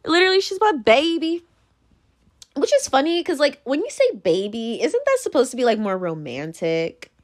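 Rambling young woman, animated voice. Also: on the high side, moderate pace, few pauses. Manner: rambling, many fillers and restarts, animated swings. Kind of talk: casual rambling monologue.

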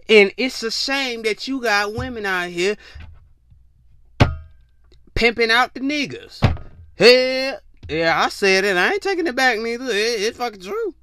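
A man hosting a podcast, ranting in a casual, profane, animated way and slipping into mock voices. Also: extremely high pitch, measured pace, long pauses, smooth. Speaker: podcast host. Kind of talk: casual opinion rant.

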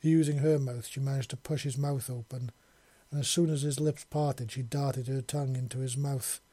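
Husky, dark-voiced male narrator. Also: mid-range voice, moderate pace, no echo. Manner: steady storytelling with small self-corrections. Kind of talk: audiobook narration of a romance story.

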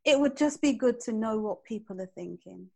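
A woman, a podcast guest who answers slowly and thoughtfully, with hesitations. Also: a little high, animated, vocal fry, mellow. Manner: slow, thoughtful, hesitant, laughs easily.

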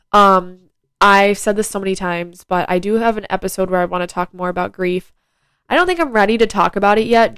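A woman's voice: mid-range voice, a bit bright, clear, resonant tone, no echo. A teenage girl hosting her own podcast, talking casually and rambling with lots of ums and likes. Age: teens. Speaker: podcast host. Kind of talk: casual solo podcast talk.

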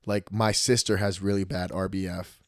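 A man in his thirties hosting a podcast, telling animated stories in casual chat and swearing freely. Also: low voice, normal speed, no room sound, clean studio sound. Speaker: podcast host.

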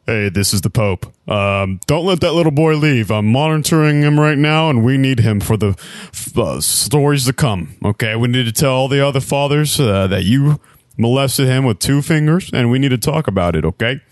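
A man's voice: mid-range voice, lively intonation, moderate pace, no room sound, clean studio sound, close to an everyday voice. A man voicing a scheming, self-important male church leader who rambles in mock piety, in an improvised comedy sketch. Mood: mock-pious.

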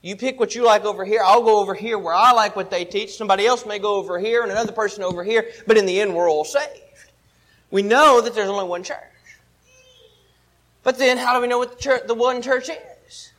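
High-voiced man preaching a sermon. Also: fairly quick, a bit bright. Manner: earnest teaching, repeats key points.

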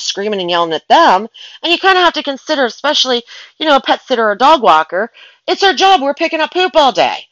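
A woman's voice: a little high, a bit bright, dry recording, highs cut off. A woman who works as a pet sitter and dog walker, ranting in a casual vlog in an exasperated, rambling way with many restarts.

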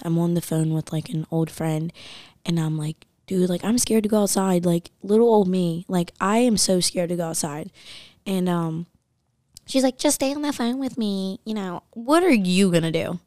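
A woman's voice: on the low side, a little mellow, no room sound, studio quality. A young woman in casual chat, animatedly telling a story, acting out voices and saying "like" constantly.

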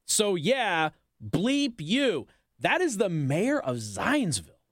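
A man's voice: sits high, wildly swooping pitch, takes it slowly, fairly bright tone, no echo, studio quality. A male talk radio host, possibly from Indiana, delivering an indignant, sarcastic monologue.

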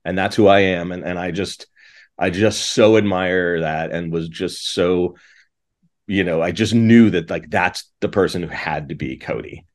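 A man's voice: sits low, unhurried. A middle-aged man, a composer and director, talking casually and enthusiastically in an interview, rambling with many restarts and false starts.

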